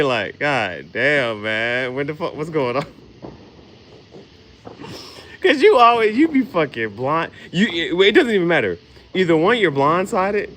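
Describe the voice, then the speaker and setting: A man talking straight to his audience in a loose comedic riff, his pitch leaping up and down as he acts out little scenes. He laughs through his lines, swears freely and talks in easy slang. There is a faint hum of noise behind him. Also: huge pitch swings, normal speed, a bit bright. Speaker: vlogger. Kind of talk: casual comedic monologue.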